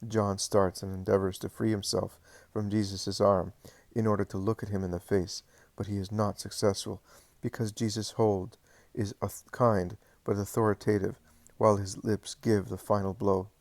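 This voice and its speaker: A man reading a religious story aloud in measured, earnest narration. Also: on the low side, flat delivery, darkish tone, dry recording. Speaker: audiobook reader. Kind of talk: scripted narration.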